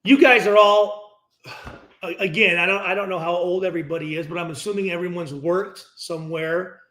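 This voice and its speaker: Middle-aged guy ranting about football, swears a lot, high lively voice, echoey room. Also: moderate pace. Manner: profane, animated, acts out dialogue. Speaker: former player hosting a post-game reaction. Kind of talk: casual unscripted rant. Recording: roomy echo.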